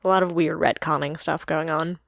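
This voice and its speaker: A woman co-hosting a podcast, chatting in a relaxed, agreeable way and laughing easily. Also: deep voice, fairly quick, gravelly, no echo, clean studio sound. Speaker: podcast co-host. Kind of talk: casual chat.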